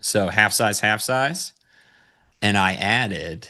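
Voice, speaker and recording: A man's voice: on the low side, slow pace, sharp tone. A man on a live trading stream, chatting casually about his positions and greeting viewers with playful asides. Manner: playful, greets chat viewers, sings and does silly voices. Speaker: trader on a live stream panel.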